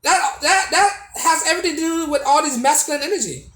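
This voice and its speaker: A man's voice: very high voice, a little fast, bright, forceful tone, reverberant, low-quality recording. A man giving a casual opinion monologue to camera as a video blogger, preachy and repetitive, with many restarts and tag questions.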